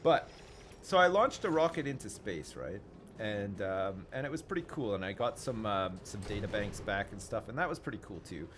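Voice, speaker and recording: A man talks his way through a video game on a live stream, thinking aloud and letting the odd swear slip. His pitch swings up and down a lot as he rambles. A steady hiss of noise sits under his voice. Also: moderate pace. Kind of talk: casual live-stream commentary.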